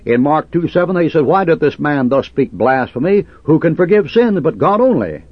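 Fiery husky man preaching a sermon. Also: on the high side, big pitch swings, moderate pace, dry recording, dull audio. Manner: combative, sarcastic, preaching in old King James cadence.

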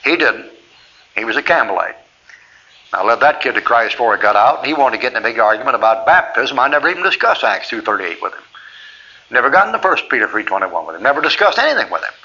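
A man's voice: mid-range voice, sing-song, fast talker, sharp tone. Folksy preacher man, lo-fi old tape. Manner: folksy storytelling, acts out both sides of conversations. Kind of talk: sermon with personal testimony.

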